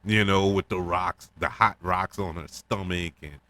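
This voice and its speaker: Chatty low-voiced man reviewing a show. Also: steady tone, unhurried, pushed and bright. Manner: chatty and conversational, laughs often, many fillers and repeated words. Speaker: podcast host. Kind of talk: casual TV episode review.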